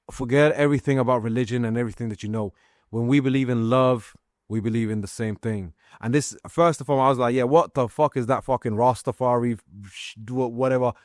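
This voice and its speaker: A man's voice: medium pitch, darkish tone, no echo, studio quality. A man talking straight to his viewers in a casual monologue, swearing freely and speaking with passion that turns prayerful. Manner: profane, impassioned, turning prayerful. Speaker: vlogger.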